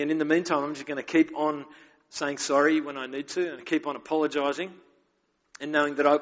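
A man preaching a sermon as pastor, candid and conversational, telling stories with self-mocking humor. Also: a little high. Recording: dull echoey hall recording.

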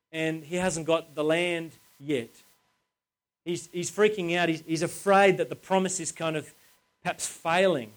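A man reading scripture aloud, then explaining it in a casual, earnest, conversational way. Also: on the high side. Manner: earnest, conversational, restarts often. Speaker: Bible teacher. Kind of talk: casual Bible teaching.

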